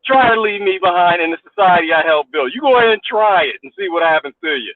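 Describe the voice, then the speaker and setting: A man's voice: high voice, lively intonation, quick pace, few pauses, dry recording. A man ranting in a casual vlog, mocking and laughing often, repeating his points. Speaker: vlogger. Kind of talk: casual rant to camera. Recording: tinny phone-like dry sound.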